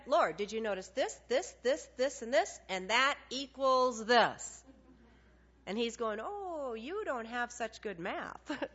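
A woman preaching a sermon, animated and conversational, acting out little dialogues with God. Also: on the high side. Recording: dull lo-fi sound.

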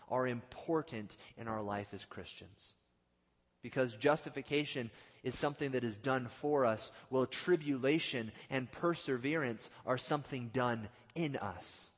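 A male pastor preaching a sermon, swinging from loud outbursts to hushed, drawn-out lines and acting out the quotes. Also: medium pitch. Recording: long hall reverb.

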